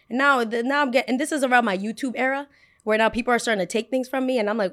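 A woman in her twenties hosting a podcast, telling a story in casual chat with an animated, sassy delivery, acting out her own past lines. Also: on the high side, quick pace. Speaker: podcast host.

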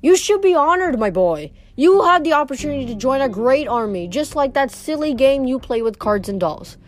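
A woman's voice: high-pitched, very animated, moderate pace, pitched above the performer's own voice. A woman reading aloud, voicing a smug male monster villain who speaks in formal, mocking threats. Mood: menacing. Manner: mocking, formal menacing speech.

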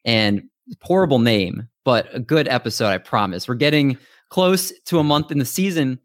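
A man's voice: mid-range voice, lively intonation, moderate pace, no room sound, clean studio sound. A man hosting a podcast, chatting casually with upbeat, hyped introductions over a remote call mic. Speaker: podcast host.

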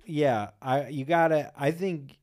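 A man's voice: fairly high pitch, takes it slowly, darkish tone. Man, podcast co-host, casual comedic chat, crude jokes, swears a lot. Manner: crude, joking, swears freely.

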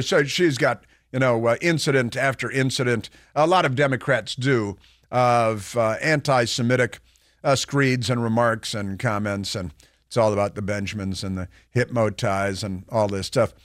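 A man's voice: mid-range voice, moderate pace, fairly bright tone, no room sound, clean studio sound. A man hosting a political talk radio show, ranting sarcastically in a rambling way, with many fillers and restarts. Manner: sarcastic, mocking, puts on voices to ridicule.

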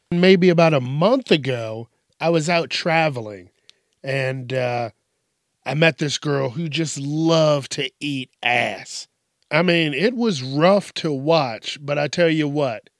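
Crude, slow-talking comedy podcast man. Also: fairly high pitch, no room sound, clean studio sound. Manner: profane, playful, laughing at his own jokes. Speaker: podcast host. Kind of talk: crude stand-up style monologue.

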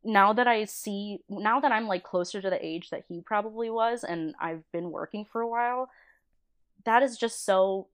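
A woman's voice: mid-range voice, moderate pace, smooth. A woman in her thirties, a storyboard artist, chatting casually as an interview guest and telling stories with lots of laughter and acted-out quotes. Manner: animated storyteller, laughs often, acts out quoted voices. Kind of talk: casual chat.

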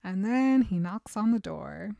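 A woman's voice: mid-range voice, lively intonation, a little slow, vocal fry, mellow, no room sound, clean studio sound. A young adult woman co-hosting a podcast, retelling a novel in casual chat, chatty and often giggling. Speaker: podcast co-host.

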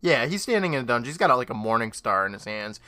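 A man's voice: mid-range voice, big pitch swings, fast talker, pushed and bright, dry recording. A man co-hosting a podcast, joking and swearing through a casual TV recap. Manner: joking, swearing, playing out quoted lines. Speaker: podcast co-host.

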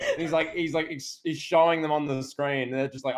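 A man co-hosting a podcast in casual chat, excitable and riffing with plenty of "like". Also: a little high, brisk, hardly any pauses. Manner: excitable, riffs with lots of "like" and laughter. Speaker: podcast co-host.

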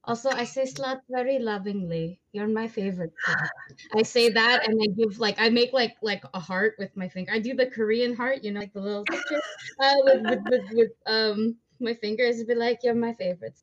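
A woman's voice: a little high, moderate pace, highs cut off. A woman playing a tabletop game, brash and crude, joking with lots of swearing. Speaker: player. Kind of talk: casual in-character tabletop chat.

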